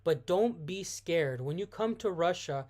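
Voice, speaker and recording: A voice hosting a live stream in a loose, casual Q&A. They read out questions from the chat and answer on the spot. Their answers are full of restarts and quick self-corrections. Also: mid-range voice, animated, a little mellow. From United States.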